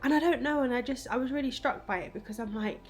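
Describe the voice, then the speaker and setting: A young woman chatting casually in a home vlog, animated and emotional, full of fillers. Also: high-pitched, fast, faint music behind. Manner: animated, emotional, lots of fillers like "like" and "I don't know". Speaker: vlogger. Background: washing machine running.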